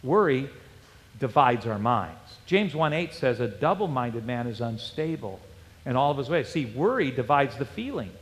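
A male pastor preaching a sermon, animated and storytelling, with rhetorical questions to the congregation. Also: mid-range voice, normal speed. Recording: long hall reverb.

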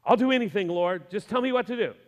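Brief: male preacher playing a frantic cliff-hanging man, high and pleading, long reverb. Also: fast, natural voice. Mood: desperate. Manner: desperate, pleading shouts. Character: panicked man clinging to a cliff branch.

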